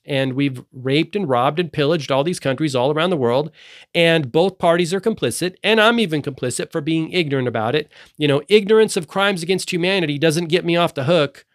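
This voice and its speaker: A man's voice: fairly high pitch, dry recording. Heated, rambling man with a dry close sound. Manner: heated, rambling, loses his train of thought. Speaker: vlogger. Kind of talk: unscripted political monologue.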